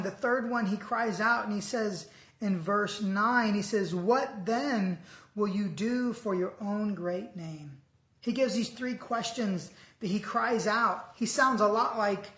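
A preacher giving an earnest sermon, reading scripture aloud slowly and deliberately. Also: medium pitch, a bit bright, echoey room.

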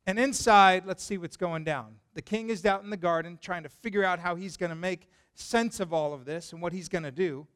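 A pastor preaching a sermon, animated and conversational, who asks his listeners questions as he tells the story. His voice is high for a man and smooth, with a resonant tone. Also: brisk, hardly any pauses.

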